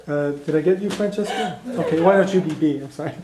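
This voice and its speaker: A man teaching a beginner language class, relaxed and chuckling, with plenty of fillers. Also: fairly high pitch, fast, a loud crowd. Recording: echoey classroom.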